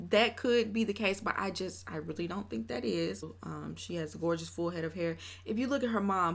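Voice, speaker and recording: A woman's voice: fairly low pitch, vocal fry. Chatty woman vlogger giving her opinions. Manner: chatty and opinionated, laughs often. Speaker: commentary vlogger. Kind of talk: casual commentary chat.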